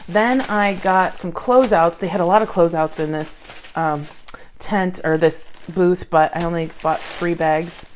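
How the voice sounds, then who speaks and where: A woman with a slightly low voice chats casually about her finds. She talks in an excitable, gushing way, thrilled with every piece she shows. The mood is relaxed and homey. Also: unhurried, slight background noise. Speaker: bead jewelry vlogger. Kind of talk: casual haul chat. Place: at home with her dog nearby.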